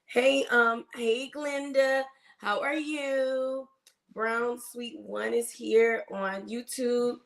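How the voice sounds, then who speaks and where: A woman's voice: fairly high pitch, steady tone, drawn-out words, creaky. A woman hosting a casual livestream as a nurse, chatting and greeting viewers by name, with a cough. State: has a cough. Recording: roomy echo.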